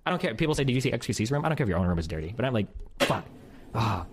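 A man's voice: medium pitch, big pitch swings, very fast, noisy background. A man streamer ranting heatedly and profanely to his audience.

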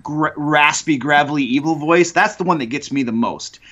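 A man's voice: a little high, moderate pace, a bit bright. Chatty man on a lo-fi recording. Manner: rambling, chatty, full of fillers. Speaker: guest, YouTuber and game master. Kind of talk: casual podcast conversation.

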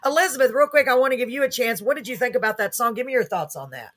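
A woman's voice: a little high, lively intonation, very fast, fairly bright tone. A woman, hosting a live music chat show in an effusive, rambling way with lots of fillers. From Texas. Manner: effusive, chatty, many fillers. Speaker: host. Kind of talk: casual live-stream chat.

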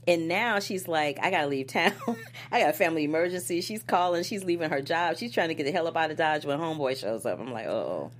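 A woman co-hosting a casual chat show, animated, laughing often and acting out quotes. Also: quick pace, a little hiss or hum. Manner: animated, laughs often, acts out quotes with big pitch swings. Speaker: co-host. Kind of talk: casual chat reviewing a soap opera.

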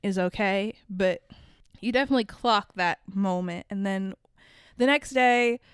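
A woman's voice: medium pitch, unhurried, clear, resonant tone, no echo, clean studio sound. A woman co-hosting a casual movie podcast, swearing freely, laughing often and acting out the characters' lines. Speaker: podcast co-host. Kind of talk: casual movie-review chat.

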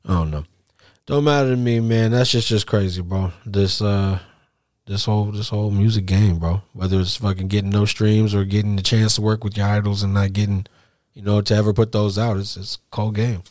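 A man's voice: lowish voice, steady tone, a little fast, a little mellow, no echo, clean studio sound. A man co-hosting a podcast in casual, slang-filled, profane banter. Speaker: podcast co-host. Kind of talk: casual chat.

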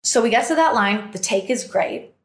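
With a slightly high voice and an ordinary pace, a podcast host tells a long personal story over a roomy echo. Her casual chat is lively, with frequent laughter and acted-out quotes from others.

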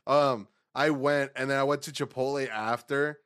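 A young man in his twenties, talking with a laid-back, meandering drawl and swearing freely. His pitch sits in an ordinary middle range, and he talks like he is hanging out with a friend. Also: steady tone, normal speed, fairly bright tone, clean tone. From Texas. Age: 20s. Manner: profane, laid-back, rambling. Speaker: podcast co-host. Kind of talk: casual chat.

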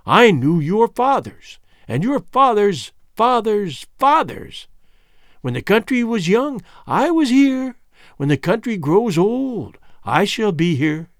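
Man doing a shrill ancient witch-doctor hag. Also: very animated, dry recording, clean studio sound, heavily acted. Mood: shrieking. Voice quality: piping, shrill. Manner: slow, drawn-out menacing threats. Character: shrieking ancient female witch-doctor, wicked and defiant. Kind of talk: audiobook character voice.

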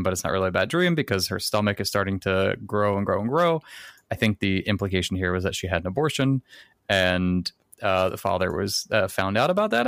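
A man's voice: sits low, creaky, fairly bright tone, dry recording, studio quality. A man co-hosting a podcast, recapping a movie plot in a casual, rambling way with lots of fillers. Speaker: podcast co-host.

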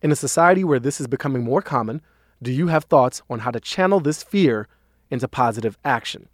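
A man's voice: mid-range voice, animated, no room sound, clean studio sound. Man hosting a podcast, reading listener mail. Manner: joking, quick asides, measured when reading. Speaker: podcast host. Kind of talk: casual chat and reading listener email.

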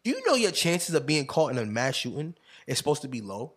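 Husky young man with lively, laughing chat. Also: mid-range voice, fairly quick. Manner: laughs often, animated storytelling. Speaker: podcast host. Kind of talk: casual chat.

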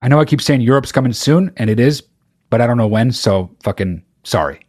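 Fast-talking, profane podcast host. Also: male voice, medium pitch, expressive, a little mellow. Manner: rapid, profane, rambling. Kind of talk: casual solo podcast chat.

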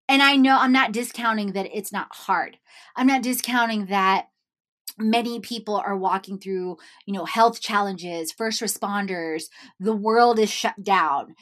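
A woman's voice: medium pitch, a little slow. A young adult woman talking casually to her viewers. She tells a personal story, says "like" often and laughs as she goes. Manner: animated, chatty, says "like" often, laughs while telling.

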